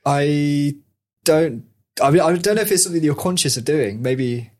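A man co-hosting a sports podcast in casual chat, hesitant and quick to laugh. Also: a little high, a little mellow. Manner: hesitant, many fillers and restarts, laughs easily. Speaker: podcast co-host.

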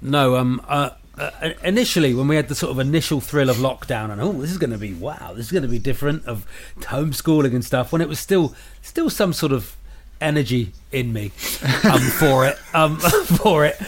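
A man's voice: medium pitch, animated, a little fast. A man in his forties chatting casually on a call, jokey and self-deprecating. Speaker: homeschooling parent and radio presenter. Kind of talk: casual video call chat.

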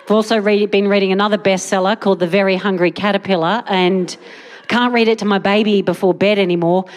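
A woman's voice: mid-range voice, steady tone, fast talker, dull audio. A woman doing rambling, self-mocking stand-up comedy on a theatre stage. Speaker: guest comedian. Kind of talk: stand-up set then chat. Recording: live hall, audience present.

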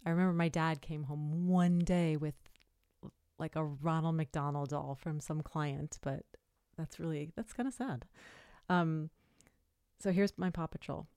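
A podcast host and voiceover artist talks casually on her solo show in a loose, rambling, chatty way, often backtracking to correct herself. Her smooth, resonant voice sits low for a woman, with a steady tone, a slightly slow pace, and a little mellowness. The recording is dry and close, with no room sound.

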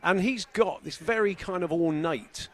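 A man's voice: sits high, a little slow, fairly bright tone. A man hosting a radio sports show on location, telling dry, jokey stories in casual chat. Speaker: radio host. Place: broadcasting on location abroad.

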